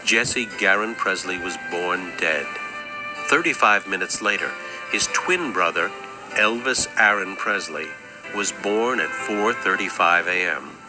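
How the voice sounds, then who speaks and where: A man narrating a documentary in a measured, scripted way. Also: deep voice, poor audio. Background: music.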